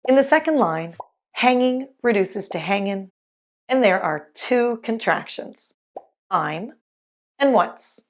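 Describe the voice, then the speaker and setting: A woman teaching English pronunciation in a scripted lesson, speaking carefully and enunciating clearly. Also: fairly high pitch, expressive, slow pace.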